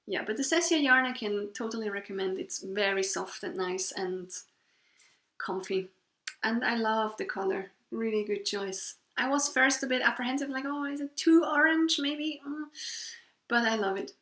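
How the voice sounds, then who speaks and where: Woman, 30s, from Switzerland, knitting vlog host; leisurely, bright, gushing show-and-tell in an echoey room. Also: mid-range voice. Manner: unhurried, cheerful, gushing about her work. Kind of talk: casual show-and-tell chat.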